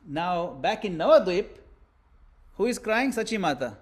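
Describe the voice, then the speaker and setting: A man giving a religious lesson, narrating a scene vividly with theatrical swings between loud and hushed delivery. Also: high-pitched, sing-song, normal speed. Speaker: religious teacher. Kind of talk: dramatic storytelling lecture.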